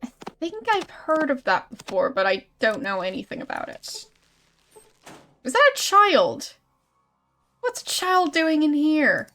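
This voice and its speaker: A young woman streaming a game, chatting in a relaxed way and greeting viewers. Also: high-pitched, a little slow, pauses often, soft background music.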